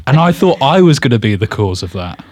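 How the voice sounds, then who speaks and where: A man back as a regular on a chatty podcast, making dry, self-mocking jokes. His voice is at a medium pitch for a man, with an unforced, easy delivery. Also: sing-song, a little fast, noisy background. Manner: dry, self-deprecating humour. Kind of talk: casual podcast banter.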